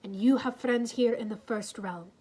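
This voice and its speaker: A woman voicing a brave young woman who speaks slowly, earnestly and solemnly. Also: a little high, dark tone, husky.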